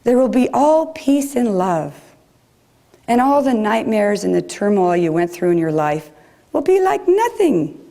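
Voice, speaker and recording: A woman's voice: medium pitch, very animated, measured pace, vocal fry, warm tone. A woman putting on a light German accent to quote an elderly woman doctor in a sermon. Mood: serene. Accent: German (imitated).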